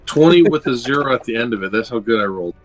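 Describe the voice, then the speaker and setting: A man's voice: medium pitch, expressive, quick pace, soft background music. Brash joking man playing a tabletop game. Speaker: player. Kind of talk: casual tabletop game chat.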